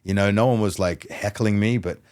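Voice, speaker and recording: A man, a mentalist guest on a podcast, chatting casually and telling animated stories that act out both sides of a conversation. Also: on the low side, normal speed. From Australia. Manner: animated storyteller who acts out dialogue.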